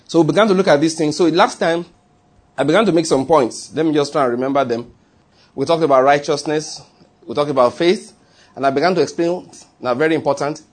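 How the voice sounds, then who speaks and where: This pastor's voice is fairly high, a little mellow and husky. He preaches in a conversational style, returning again and again to his key phrases and asking his congregation questions.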